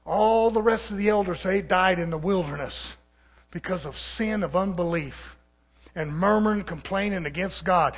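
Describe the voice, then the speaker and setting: A man preaching a fiery, confrontational sermon, swinging between muttered asides and shouting. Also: high-pitched, normal speed.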